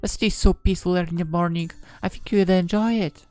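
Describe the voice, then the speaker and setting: A man's voice: high-pitched, steady tone, fast, a little mellow, smooth, no echo, soft background music, voice pushed up, natural voice. A man voicing a cheerful, cheeky young woman mage in a visual novel, reading her lines in a teasing, playful way.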